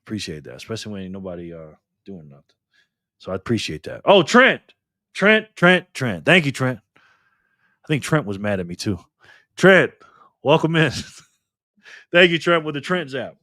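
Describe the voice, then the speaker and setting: A man's voice: medium pitch, sing-song, normal speed, long pauses, pushed and bright, no room sound, clean studio sound. A man hosting a casual live stream, joking and chatty as he reads donations and chat messages aloud. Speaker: livestream host.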